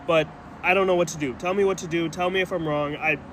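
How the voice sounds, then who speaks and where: A man's voice: fairly high pitch, fairly even intonation, a bit bright, slight background noise. A man telling a first-person story in a casual, earnest way, still rattled by what happened. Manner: rattled, earnest, quick retelling. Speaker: storyteller in a social media clip.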